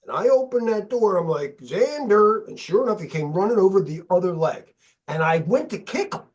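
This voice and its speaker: A man hosting a podcast, telling stories in casual chat as an animated, freely swearing storyteller. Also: high-pitched, fairly quick. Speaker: podcast host.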